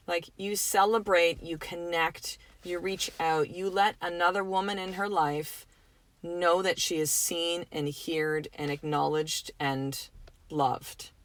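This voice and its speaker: A woman's voice: lowish voice, fairly even intonation, slow. Chatty earnest woman podcast host. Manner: casual, chatty, earnest, with frequent fillers and swearing. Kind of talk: motivational solo podcast talk.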